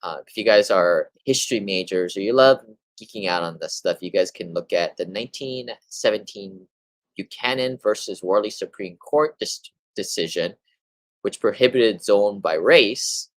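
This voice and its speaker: A deep-voiced man talks through a monthly real estate market update in a loose, casual way. He rambles a bit, piling up fillers and restarting his sentences. The sound is dry and close, with no room around it. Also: expressive, moderate pace, no echo, low-quality recording. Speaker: real estate investing host.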